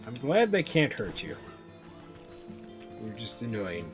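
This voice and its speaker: A man casually narrating his gameplay as a streamer, murmuring to himself in a relaxed way. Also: mid-range voice, slow. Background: game music.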